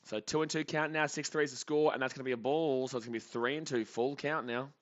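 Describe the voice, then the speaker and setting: Excitable guy calling a live baseball stream. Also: medium pitch, quick pace, lo-fi sound. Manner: casual chatty commentary, reads chat aloud, excitable.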